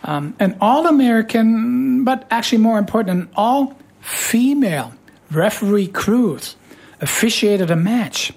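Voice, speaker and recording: Hoarse, breathy-voiced woman radio host. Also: on the high side, a little slow. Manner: playful, teasing, animated emphasis. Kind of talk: casual radio chat.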